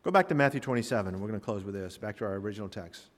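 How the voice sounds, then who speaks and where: A man preaching a sermon, building to emphatic peaks and dropping into slow, quiet pauses. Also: fairly low pitch, big-room sound. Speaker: pastor.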